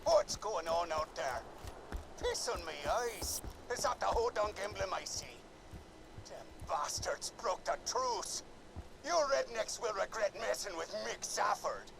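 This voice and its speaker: A gravelly, hot-headed Irish crime boss for a video game, blustering and cursing about revenge. His voice sits high and swings wildly up and down. Loud game noise rumbles under him. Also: animated, a little slow, exaggerated voice. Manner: blustering, profane, vengeful. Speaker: game character.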